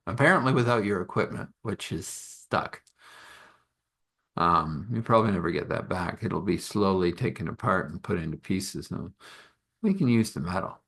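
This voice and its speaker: A man's voice: low-pitched, animated, unhurried, gravelly, long pauses, a bit bright, slightly rough. A man telling an improvised fantasy story in a rambling, musing way, with fillers.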